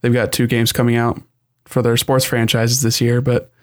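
A man co-hosting a casual gaming podcast, talking in a relaxed, rambling way full of "like" and "I mean". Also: medium pitch, normal speed. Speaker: podcast co-host.

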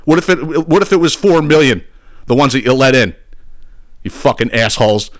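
A man's voice: mid-range voice, lively intonation, normal speed, dry recording, clean studio sound. Angry swearing male podcast ranter. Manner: angry, sarcastic, swears a lot. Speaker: podcast host. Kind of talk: profane political rant.

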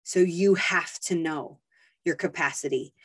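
Young woman, earnest mom-pep-talk vibe, slightly low voice, pleading and animated. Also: measured pace, slightly rough. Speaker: podcast host speaking to mothers. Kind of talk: casual motivational monologue.

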